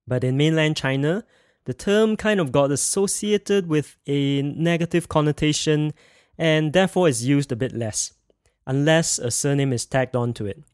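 A man teaching a pronunciation lesson, spelling sounds out and having the listener repeat each word after him with slow, careful enunciation. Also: a little high, darkish tone, clear, resonant tone, no room sound, studio quality. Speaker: language teacher.

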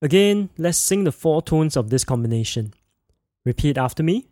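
A man hosting a podcast language lesson, modeling sounds slowly and clearly for listeners to repeat. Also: fairly high pitch, animated, warm tone, no room sound, clean studio sound. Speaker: language teacher and podcast host.

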